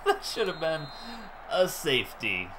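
A man streaming and commentating a football video game live, chatting with viewers and shouting on big plays. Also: on the high side, takes it slowly, background noise. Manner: excitable, laughs often, breaks into shouting on big plays; chats with viewers. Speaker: gaming streamer.

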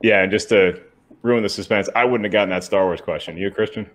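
A man's voice: on the low side, fast talker, a bit bright, a little hiss or hum. A man co-hosting a trivia match, reading questions and teasing the other host with wry jokes. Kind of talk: joking banter and question reading.

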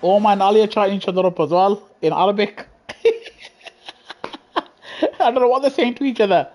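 Streaming live racing, a young English gamer jokes at the expense of his lobby, laughing frequently and speaking in slang. His voice sits high with a darkish tone, and he talks fairly quickly.

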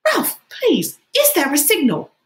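A woman's voice: fairly low pitch, wildly swooping pitch, normal speed. A woman reading aloud, voicing an anxious, pleading young schoolboy in an audiobook with raised, fretful cries.

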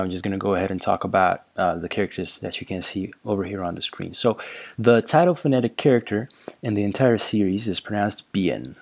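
Low gravelly-voiced man giving a lecture. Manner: relaxed, with many fillers and repeated words. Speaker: language teacher. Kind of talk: casual lecture over slides.

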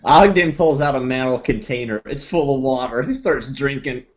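A man's voice: medium pitch, moderate pace. A man narrating his character's actions in a tabletop game in a matter-of-fact way, heard on a muffled lo-fi recording. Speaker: player.

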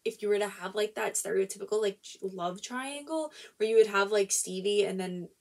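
A woman's voice: mid-range voice, a little fast, vocal fry, a little mellow. A woman giving a casual spoiler-filled book review, rambling and thinking aloud, filling nearly every phrase with "like" and often restarting her sentences.

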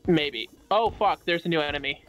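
A man chatting casually while playing a video game, reacting excitably with frequent swearing. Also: on the high side, moderate pace, faint music behind. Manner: excitable, swears often in exclamations. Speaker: gamer. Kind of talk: casual gaming chat.

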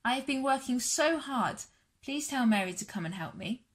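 A woman's voice: high voice, expressive, normal speed, voice pushed up. A woman voicing Martha, a busy, anxious grown woman, with a pleading, slightly raised voice in a storybook reading. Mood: flustered.

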